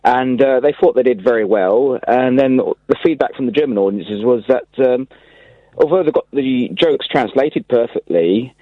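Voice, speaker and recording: A man calling in to a radio show, setting up jokes in a deadpan way. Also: mid-range voice, normal speed, no echo. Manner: deadpan, leading joke set-ups. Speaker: caller. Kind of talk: radio phone-in call. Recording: tinny phone line.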